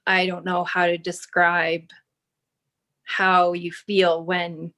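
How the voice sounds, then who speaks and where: A woman in her thirties, a fitness client, talking slowly and thoughtfully in a casual chat and at times reading from her notes. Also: fairly low pitch, completely flat delivery, fairly bright tone. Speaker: client giving a testimonial. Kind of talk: casual video call chat.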